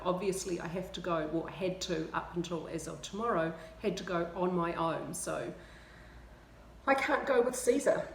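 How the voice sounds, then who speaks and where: A woman's voice: lowish voice, creaky, a bit bright. Woman, New Zealand accent, casual vlog chat, self-mocking, laughs often, roomy sound, faint background hum. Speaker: vlogger. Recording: roomy with faint ambient noise.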